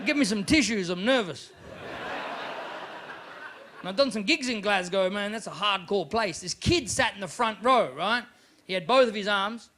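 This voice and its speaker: A man from Australia with an Australian accent, doing a live stand-up set in an animated, mocking, profane manner. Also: high-pitched, noisy background. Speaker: stand-up comedian. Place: live comedy venue.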